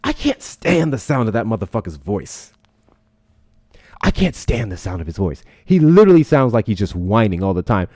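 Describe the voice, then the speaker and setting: A man's voice: on the low side, very animated, moderate pace, no echo, clean studio sound. A man hosting a live-stream debate show, talking loosely with lots of swearing and laughing. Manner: loud, swearing, laughs a lot. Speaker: livestream debate host. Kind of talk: casual live-stream talk.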